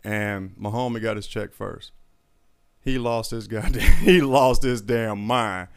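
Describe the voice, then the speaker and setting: A man telling a story in a casual chat, animated and profane, often laughing. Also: lowish voice, slow, clean tone.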